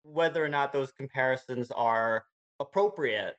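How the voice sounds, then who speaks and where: A man hosting a casual podcast interview, eager and excitable, often restarting his sentences. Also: mid-range voice, moderate pace, highs cut off. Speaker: podcast host. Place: Hawaii.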